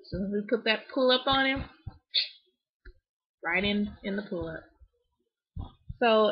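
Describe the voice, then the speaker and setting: Husky chatty mother on a lo-fi vlog. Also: mid-range voice. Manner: candid, chatty, many restarts. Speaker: parent vlogger. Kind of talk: casual vlog monologue. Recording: dull lo-fi home recording.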